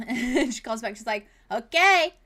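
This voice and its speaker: A woman's voice: medium pitch, normal speed. A woman running a tabletop role-playing game as game master, narrating scenes with frequent laughs and fillers. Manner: laughs often, many fillers, vivid descriptive narration.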